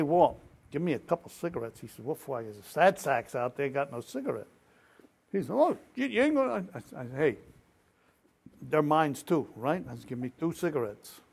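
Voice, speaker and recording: An older man recounting his experiences in an oral history interview, telling stories with quoted dialogue. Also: mid-range voice. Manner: lively anecdotal storytelling with quoted dialogue.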